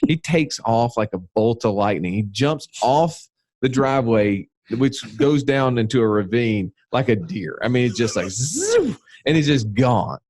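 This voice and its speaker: A man with a Southern US accent co-hosting a podcast, telling jokey, animated stories in casual chat. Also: mid-range voice, moderate pace, dry recording. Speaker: podcast co-host.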